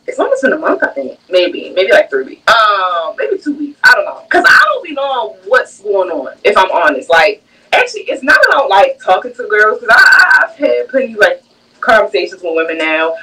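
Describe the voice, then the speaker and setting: A woman's voice: mid-range voice, moderate pace, far from the mic, poor audio. A young woman casually telling a dramatic story to the camera, acting out everyone in it. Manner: animated, dramatic, acts out every character.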